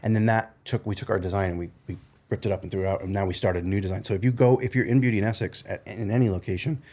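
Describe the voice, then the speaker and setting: A man with a slight New England accent, a chef guest telling anecdotes in a relaxed podcast chat, laughing as he goes. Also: on the low side, rapid-fire. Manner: animated, laughs through anecdotes, frequent restarts. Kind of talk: casual conversational storytelling.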